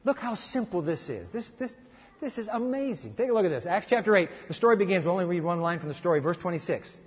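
Animated and fast, a middle-aged preacher with a high, breathy voice gives a forceful, conversational sermon, often starting phrases over as he drives his point home. It's recorded with a dull tone and long hall reverb.

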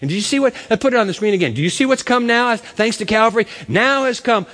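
A man's voice: extremely high pitch, animated, quick pace, a bit bright. A man preaching a sermon as pastor, impassioned and emphatic, with dramatic swings. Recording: echoey church hall.

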